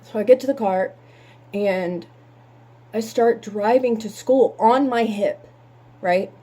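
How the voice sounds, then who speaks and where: A woman telling a painful personal story in halting words, holding back tears. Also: a little high, mellow, husky.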